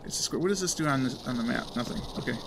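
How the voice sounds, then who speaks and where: A man's voice: medium pitch, racing, background noise. A man hosting a let's play, chatting casually and rambling as he plays, often correcting himself mid-sentence. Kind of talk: casual game commentary.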